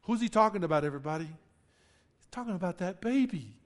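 A man preaching a sermon, swinging from loud emphatic declarations to low explanations, often repeating himself and putting questions to the congregation. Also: lively intonation, a little fast. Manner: repeats words and restarts, asks the congregation questions. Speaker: pastor.

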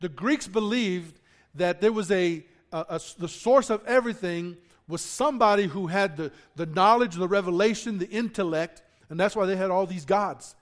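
At a moderate pace, a pastor preaches with shifts from booming, emphatic statements to softer explanation. Repetition and restarts run through his delivery, along with questions aimed at the congregation.

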